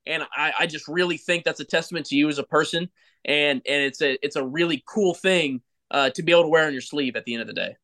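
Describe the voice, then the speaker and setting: Bright-voiced man hosting heartfelt. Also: fairly high pitch, fast. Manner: emphatic, rambling, heartfelt. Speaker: podcast host, former ballplayer. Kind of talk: casual podcast chat.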